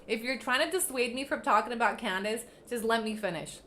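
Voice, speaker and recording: A young woman with a slightly high, bright and forceful voice, talking loosely on a livestream. She rants at her critics with blunt, profane directness and sounds like she is chatting to her viewers. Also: a little fast. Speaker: livestream host. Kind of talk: casual venting livestream chat.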